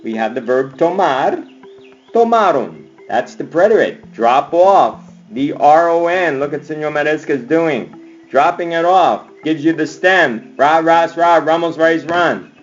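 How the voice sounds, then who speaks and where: This male Spanish teacher sits on the high side, with lively intonation and a measured pace, as he chants verb endings like a cheer in an upbeat, screen-recorded grammar lesson. The sound is lo-fi, picked up by a computer mic on a screencast, with faint music behind him.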